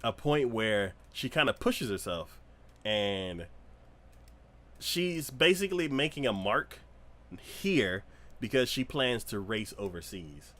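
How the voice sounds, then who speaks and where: A man chatting casually on an anime podcast, his voice swinging high and low as he relives a story. His tone is bright and forceful, and he acts out the scenes he describes with squeals and bursts of laughter. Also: big pitch swings, slow pace. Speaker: podcast co-host. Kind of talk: casual anime review chat. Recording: livestream podcast.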